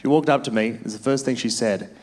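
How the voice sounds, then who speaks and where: A man's voice: medium pitch, quick pace, darkish tone. A man from Australia doing a stand-up comedy set on a club stage. He tells a profane story on a handheld mic.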